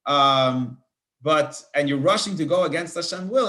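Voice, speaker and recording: A rabbi teaching a verse-by-verse scripture class, reading Hebrew phrases and translating them in a chatty way with many restarts. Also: male voice, on the high side, expressive, measured pace, pushed and bright.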